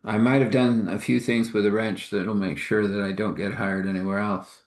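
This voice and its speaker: A man's voice: fairly low pitch, steady tone, moderate pace. Rambling man telling a story, echoey room. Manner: meandering, with laughs and restarts.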